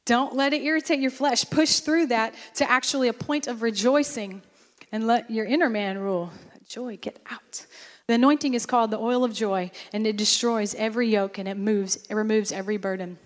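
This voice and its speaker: A woman pastor preaching a sermon, animated and lively, acting out bursts of praise as she goes. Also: high-pitched, normal speed, big-room sound.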